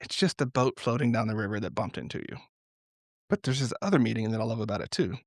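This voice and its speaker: A man talking as a guest in an unscripted podcast conversation, telling stories in a reflective but animated way and often laughing. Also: lowish voice, quick pace, dry recording, studio quality.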